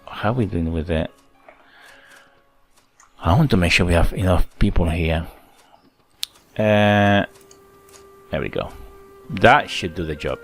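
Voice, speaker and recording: Deep-voiced man chatting over game play. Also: lively intonation, takes it slowly, pauses often, no echo, soft background music. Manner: chatty, thinks aloud, counts workers under his breath. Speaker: gameplay channel host. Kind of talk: casual let's-play commentary.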